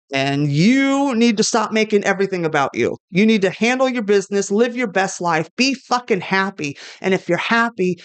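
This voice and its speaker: A woman's voice: medium pitch, clean tone. A middle-aged woman comedian, ranting bluntly and profanely in casual podcast chat. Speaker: comedian guest.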